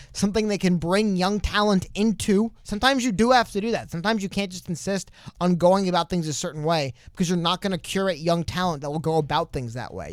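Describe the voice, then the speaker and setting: A man co-hosting a casual political podcast, talking in a rambling, animated way with many asides and restarts. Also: high voice, no room sound, clean studio sound. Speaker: podcast co-host.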